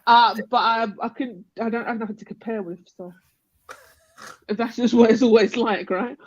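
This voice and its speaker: Speaking at a normal pace with fairly even intonation, this young woman has a voice on the high side. She's on a live panel, casually recounting a long personal story, rambling, laughing a lot, and voicing other people's lines. The recording is dull lo-fi call audio.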